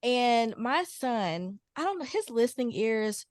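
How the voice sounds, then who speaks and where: A young adult woman, a mother and podcast guest, telling a story in a casual, candid and animated way. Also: a little high, unhurried, no room sound, studio quality. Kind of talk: casual chat.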